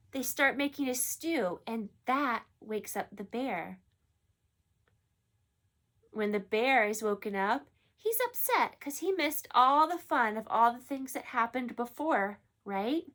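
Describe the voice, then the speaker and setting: A woman teacher reading a picture book aloud in an animated way and then asking her class questions about it. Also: high voice.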